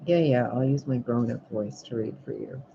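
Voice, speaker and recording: Guy doing a card reading stream, gravelly and mellow, kinda muffled mic w a little hiss. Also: medium pitch, normal speed. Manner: musing, playful, talks to the cards. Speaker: tarot and oracle card reader.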